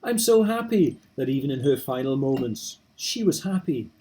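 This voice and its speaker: A man's voice: medium pitch, sing-song, lightly acted, rough recording. A man reading aloud as a kindly, emotional old woman who fusses over a young hero. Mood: fond. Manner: warm, fussing, quick to tears. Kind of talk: reading game dialogue aloud.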